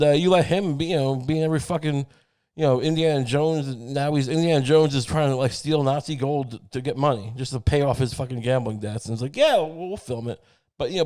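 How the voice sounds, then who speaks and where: A man's voice: medium pitch, a little mellow. A man hosting a podcast, rambling through a sarcastic, profane comedic monologue. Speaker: podcast host.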